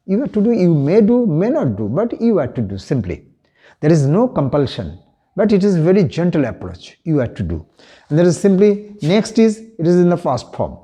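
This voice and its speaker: A man with an Indian English accent giving an online English grammar lesson, explaining slowly and repeating example phrases. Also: sits high, very animated, dark tone, breathy edge. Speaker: English teacher.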